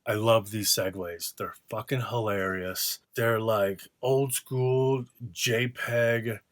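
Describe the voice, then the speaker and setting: A man's voice: on the low side, fairly even intonation, slow pace, no echo. A man vlogging from his art studio, ranting casually in a sarcastic, profane, mocking way. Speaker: vlogger and artist.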